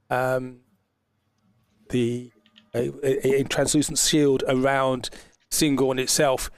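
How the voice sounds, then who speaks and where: A man narrating as game master of an online tabletop game, halting with frequent fillers. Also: medium pitch, smooth, no room sound.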